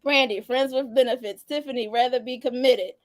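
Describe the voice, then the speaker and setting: A woman's voice: high voice, steady tone, brisk, no room sound. A young adult woman hosting a casual live-stream chat, laughing and teasing as she reads viewer answers. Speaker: host.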